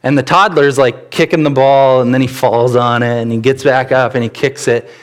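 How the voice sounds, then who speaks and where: A man preaching a church sermon, telling stories with sudden bursts of animation. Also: normal speed. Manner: animated storytelling with sudden rises in pitch. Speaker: pastor.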